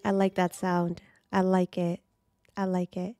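A woman giving excited, chatty commentary while playing an arcade game, with squeals and laughs. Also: fairly low pitch, unhurried, faint music behind. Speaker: gaming streamer.

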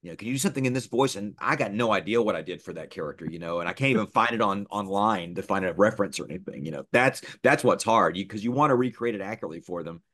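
A middle-aged man, a voice actor, chatting casually in an interview and telling lively stories. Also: low-pitched, fast talker, hardly any pauses. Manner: animated storyteller, slips into character voices. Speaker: voice actor guest.

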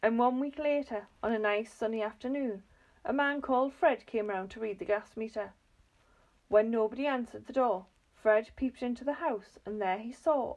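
A woman reading a children's book aloud in a lively, expressive storytelling manner. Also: fairly high pitch, a little slow, low-quality recording.

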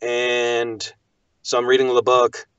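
A man who narrates audiobooks, speaking as a podcast guest in an animated, emphatic way. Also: mid-range voice, slow, smooth, no echo, far from the mic. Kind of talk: casual chat. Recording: dull lo-fi dry recording.

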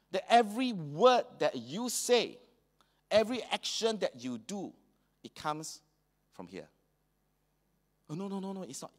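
A man with a Singaporean English accent preaching a sermon in a church hall, slipping colloquial local phrases into his talk. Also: high voice. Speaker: pastor.

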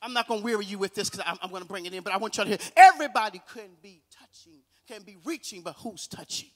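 A man preaching a guest sermon in a church, calling on the congregation to repeat after him and swinging between hushed lines and shouted, half-sung ones. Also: high-pitched, fast talker, big-room sound. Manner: call-and-response preaching, shouting and half-singing. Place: church sanctuary.

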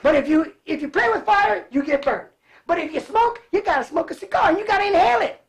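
A man from Cleveland who grew up in California, a guest telling animated stories with frequent laughter. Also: extremely high pitch, fast talker. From Cleveland, raised in California. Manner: animated, laughs often, acts out voices. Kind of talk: casual storytelling.

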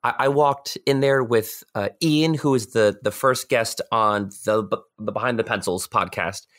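A man's voice: medium pitch, a little slow, fairly bright tone. A young man from New York telling a story in casual podcast chat, rambling with lots of fillers and restarts. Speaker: podcast guest.

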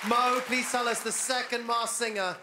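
A man's voice: extremely high pitch, level tone, normal speed, very noisy. A man hosting a TV game show, bubbly and laughing often. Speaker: host. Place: TV studio. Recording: loud music and studio crowd.

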